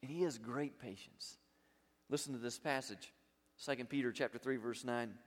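A man preaching a sermon as pastor, emphatic, with big swings between loud and quiet. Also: mid-range voice, steady tone, normal speed, in a large hall.

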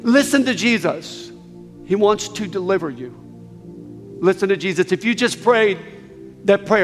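A man preaching an altar call in a large church, urging listeners again and again. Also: sits high. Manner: urgent, repetitive exhortation. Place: large church hall with balcony. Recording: echoey hall with soft music.

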